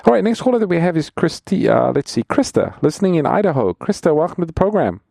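Lively gravelly radio co-host pastor. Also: male voice, fairly high pitch, quick pace, no echo, studio quality. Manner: upbeat announcer delivery. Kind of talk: call-in radio hosting.

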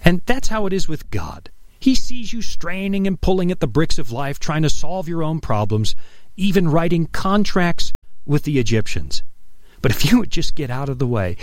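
A middle-aged man preaching an earnest, emphatic radio sermon, dropping his voice low on key phrases. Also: a little mellow, dry recording. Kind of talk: broadcast sermon.

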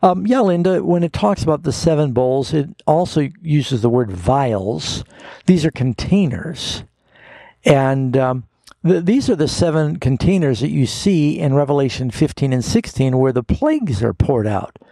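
A male radio pastor answers callers' Bible questions in a folksy, patient teaching manner. His voice is gravelly and mellow with a slightly husky edge. The studio sound is dry and close. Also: fairly high pitch, expressive, unhurried, dry recording. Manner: explanatory, folksy, with homespun illustrations.

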